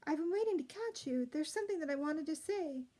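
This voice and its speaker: Woman reading as a cheerful young prince, teasing and kind, mellow voice. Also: high-pitched, expressive, fairly quick, voice pushed up, low-quality recording. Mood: eager. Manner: warm, playful.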